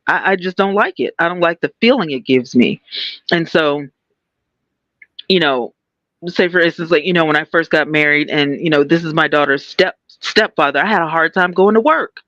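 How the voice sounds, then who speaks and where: A woman's voice: deep voice, moderate pace, a bit bright, no echo, muffled recording. A woman co-hosting a casual podcast, speaking candidly and personally with many fillers. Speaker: podcast co-host.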